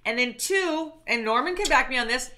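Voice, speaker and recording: Brief: female co-host, chatty storyteller, high bright voice. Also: animated, a little fast. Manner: chatty, laughing, many fillers. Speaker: co-host of a live chat stream. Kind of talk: casual live-stream storytelling.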